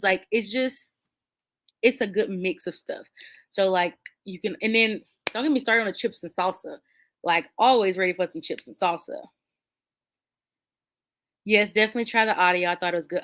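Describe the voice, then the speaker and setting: A woman hosting a book channel, chatting casually with her viewers and answering their comments in an animated, playful way, with slang and frequent laughter. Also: mid-range voice.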